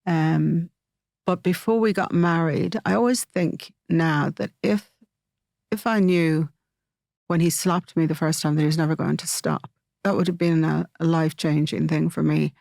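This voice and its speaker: A middle-aged woman, an interview guest telling a personal story in a halting way, with many fillers and restarts. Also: sits low, fairly even intonation, creaky, a little mellow, no echo, studio quality.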